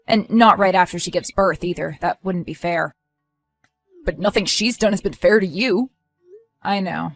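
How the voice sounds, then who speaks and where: A woman voicing a worried, earnest young man who is about to become a father, speaking softly. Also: fairly low pitch.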